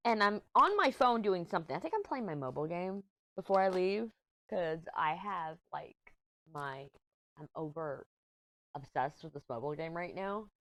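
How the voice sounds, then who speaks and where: A woman's voice: fairly low pitch, animated, moderate pace, a bit bright. A middle-aged woman vlogger chatting casually while she crafts, telling a rambling story and giggling often. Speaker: diamond painting vlogger.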